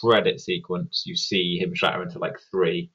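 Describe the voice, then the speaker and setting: A British man co-hosting a podcast, chatting in an animated, mocking way. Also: low voice, normal speed, lo-fi sound, a loud crowd. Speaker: podcast co-host. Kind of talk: casual chat.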